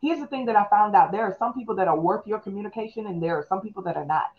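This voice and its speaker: A middle-aged woman pastor, teaching fast in a live-streamed talk and calling on her listeners to respond. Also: medium pitch, lively intonation, lo-fi sound. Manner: fast, call-and-response, preacherly.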